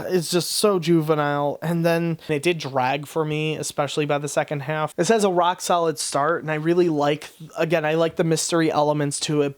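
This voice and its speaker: Book reviewer, 20s: frank, profane, rambling casual delivery. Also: medium pitch. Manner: blunt, frank, swears freely; rambling, with restarts and fillers.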